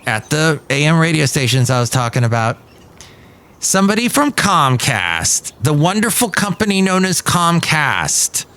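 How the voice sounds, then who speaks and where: A man's voice: on the high side, fairly bright tone. A man hosting a solo podcast in casual chat, rambling with jokey asides. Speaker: podcast host. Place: outdoors at a cafe.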